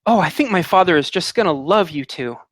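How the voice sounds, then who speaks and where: A man's voice: high voice, lively intonation, fairly quick, no room sound, studio quality. A man voicing a young farm girl who welcomes guests home. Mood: cheerful.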